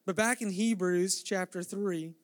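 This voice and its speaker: High-voiced earnest preaching man. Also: unhurried, dry recording. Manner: earnest preaching with rising intensity, acting out Bible dialogue. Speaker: pastor. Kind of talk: sermon.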